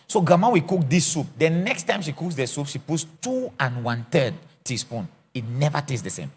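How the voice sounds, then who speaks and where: Animated preacher, gravelly voice. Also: male voice, a little high, moderate pace. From Africa. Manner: animated, theatrical, acts out scenes and jokes. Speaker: apostle teaching a church session. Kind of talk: lively teaching sermon.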